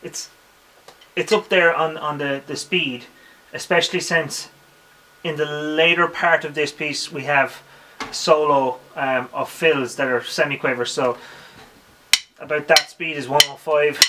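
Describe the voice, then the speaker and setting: A man's voice: fairly high pitch, fairly even intonation, a little slow, long pauses, slight background noise. A man with an Irish accent teaching drums in a casual spoken tutorial, counting beats aloud between his explanations. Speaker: drum teacher. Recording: drum kit playing loudly behind.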